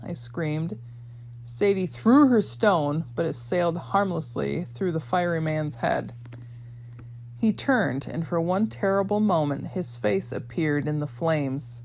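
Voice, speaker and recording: A woman with a fairly low voice reads a novel aloud in a measured, even storytelling manner. A faint hum sits under her voice. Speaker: audiobook reader. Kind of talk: scripted audiobook narration.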